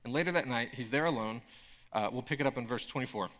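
A pastor delivers a sermon in a casual, conversational style, talking fast at medium pitch. He uses lots of filler words and breaks into emphatic bursts of excitement.

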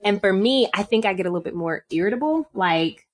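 A woman co-hosting a podcast, telling lively stories in a slangy, laughing way. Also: medium pitch, fast. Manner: animated storyteller, laughs often, slangy. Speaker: podcast co-host. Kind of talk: casual chat.

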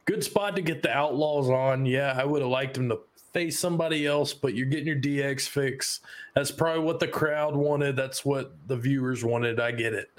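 A man co-hosting a podcast, chatting casually about a wrestling show, laid-back and cursing freely. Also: a little high. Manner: laid-back, swears, laughs often. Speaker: podcast co-host. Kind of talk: casual wrestling review chat.

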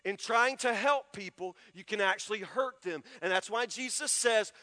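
High bright-voiced preacher in a reverberant church. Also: male voice, moderate pace, hardly any pauses. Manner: emphatic, repeats key words, drops to soft low stresses. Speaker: pastor. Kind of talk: sermon. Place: church sanctuary. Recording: long reverb of a church hall.

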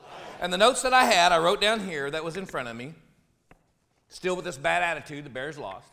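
A male pastor tells a humorous personal story during a sermon, animated and joking, his voice dropping low before he shouts. He talks a little fast, with some vocal fry.

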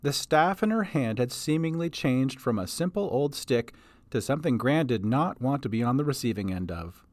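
A man narrating his homemade audio story, lively and scripted. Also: mid-range voice, moderate pace, no echo. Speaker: podcast storyteller. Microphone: home recording setup.

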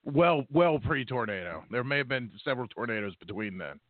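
A man co-hosts a talk radio show with a lively voice, joking and teasing dryly. The sound is dry and thin, like a phone line. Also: mid-range voice, brisk, no room sound. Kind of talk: casual political talk radio banter.

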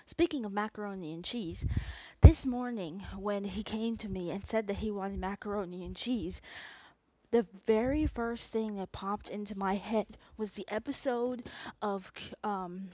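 A woman's voice: mid-range voice, unhurried, darkish tone, no echo. A woman hosting her own podcast, talking unscripted and rambling with asides and restarts. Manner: rambling, self-aware, chatty with frequent asides. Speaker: podcast host. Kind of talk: unscripted solo podcast chat.

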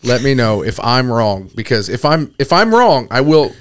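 A man's voice: medium pitch, big pitch swings, normal speed, a little hiss or hum. A man co-hosting a casual podcast, sounding puzzled and pushing back with short questions. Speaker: podcast co-host.

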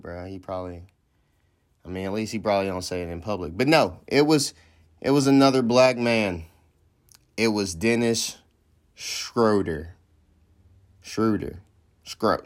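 Dude hosting his own podcast, rambly and jokey, lots of slang, just shooting the breeze. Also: on the low side. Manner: joking, rambling, slangy asides. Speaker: podcast host. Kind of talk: casual comedic commentary.

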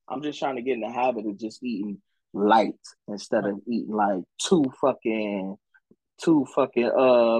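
A young adult man co-hosting a podcast, telling a story in casual, profane chat and acting out quotes in a higher voice. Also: darkish tone, dry recording, dull audio. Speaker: podcast co-host.

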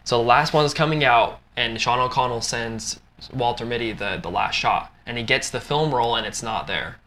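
Young man, podcast host, casual rambling chat, lots of filler "like", bright forward tone, faint hiss behind. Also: medium pitch, moderate pace. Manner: loose and rambling, heavy use of "like". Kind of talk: casual chat, retelling a film plot.

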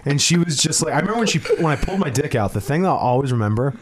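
A comedian on a podcast tells a long, rambling story in casual talk, swearing often, stammering restarts and chuckling mid-sentence. His voice is fairly high, animated and rapid-fire, with heavy background noise.

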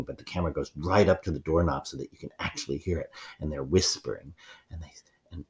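A man narrating a comic story in a halting, lively way. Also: deep voice.

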